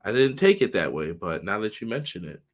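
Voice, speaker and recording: A man hosting a casual wrestling podcast livestream, upbeat and greeting viewers by name, his voice slightly hoarse. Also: on the low side, big pitch swings, a little fast. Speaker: podcast host.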